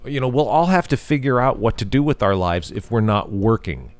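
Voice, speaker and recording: A man's voice: medium pitch, lively intonation, brisk. A man in a casual discussion, skeptical and wry, questioning the others' assumptions.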